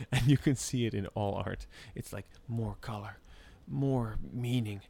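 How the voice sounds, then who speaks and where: A man telling a story in casual chat, animated and often breaking into laughter. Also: mid-range voice, measured pace, creaky, slightly rough.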